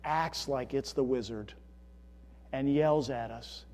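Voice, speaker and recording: A man preaching a sermon as pastor, earnest, swelling into emphatic storytelling and dropping to a hush. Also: medium pitch, takes it slowly, long reverb tail. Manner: earnest, rising to emphatic storytelling then hushed.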